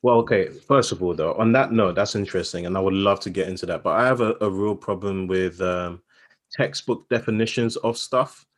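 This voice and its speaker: A man co-hosting a podcast in casual chat, animated and playful, given to comic exaggeration. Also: deep voice, brisk. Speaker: podcast co-host.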